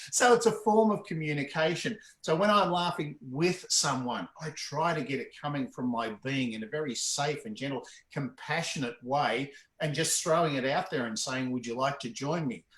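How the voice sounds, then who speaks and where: A man leading laughter exercises in an interview, explaining in an animated way and breaking into hearty laughs. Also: mid-range voice, moderate pace, hardly any pauses. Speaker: laughter yoga facilitator. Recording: roomy echo.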